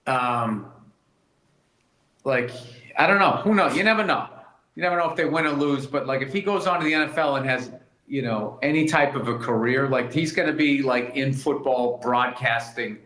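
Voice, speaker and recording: A man's voice: medium pitch, normal speed, reverberant, rough recording. A man co-hosting a comedy podcast, talking in rambling, jokey casual banter. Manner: rambling, animated, jokey with bursts of laughter. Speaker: podcast co-host.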